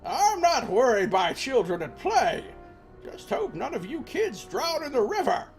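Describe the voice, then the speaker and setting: A man's voice: huge pitch swings, faint music behind, full character voice. Man putting on a cranky, stubborn old villager. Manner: high, slow, indignant cranky old-man voice.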